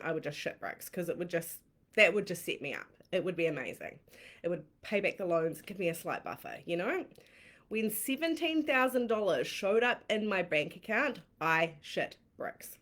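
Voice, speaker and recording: A woman with a New Zealand accent, a coach telling her own story in a candid, excitable way, laughing often and swearing casually on a live stream. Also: fairly low pitch. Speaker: manifestation coach.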